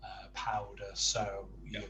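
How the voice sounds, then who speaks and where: A man coaching Spanish pronunciation at an unhurried pace. He is patient and encouraging, his sentences often fading off quietly. His voice sits in an echoey room with a faint hum underneath. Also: fairly low pitch, completely flat delivery, recorded from a distance. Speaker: Spanish tutor. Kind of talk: online language lesson, coaching pronunciation.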